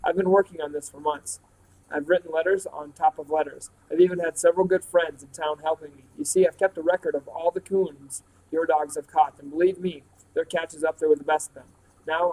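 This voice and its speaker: A man's voice: on the high side, steady tone, fairly quick, darkish tone, lightly acted, poor audio. A man reading aloud from a storybook, voicing an eager, folksy old grandfather who runs a country store. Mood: earnest. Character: excited old grandfather, storekeeper, shrewd dealer.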